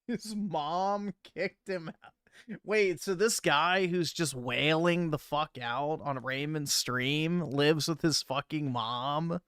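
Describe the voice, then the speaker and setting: Male streamer, bright and clean tone, dry close sound, blunt and sweary commentary. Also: on the high side, slow, smooth, no room sound. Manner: blunt, swears constantly, scoffing. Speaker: streamer reacting to another stream. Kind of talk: casual profane livestream commentary.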